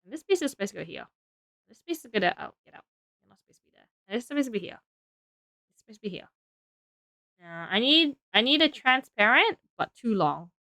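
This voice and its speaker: Chatting casually and giggling as she builds for her stream, a tired woman drifts into self-talk. Her voice is a little high, sing-song and pushed bright, fairly quick with frequent pauses. It's recorded studio-clean with no echo.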